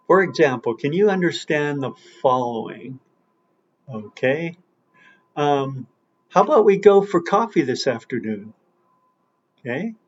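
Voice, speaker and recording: A man teaching an English listening lesson, speaking slowly and deliberately and leaning hard on key words. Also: a little high, muffled recording. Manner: slow and deliberate, with emphatic stress on key words. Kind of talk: online language lesson.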